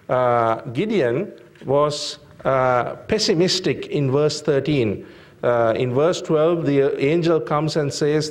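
A man preaching a sermon, slow and deliberate, with frequent fillers and emphatic rhetorical questions to the congregation. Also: medium pitch, a little mellow.

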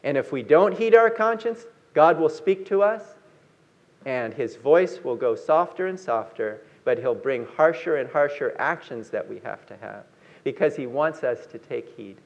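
Preacher, male, high-pitched, storytelling sermon delivery, slow emphasis on key lines. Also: expressive, gravelly, lo-fi sound. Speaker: pastor.

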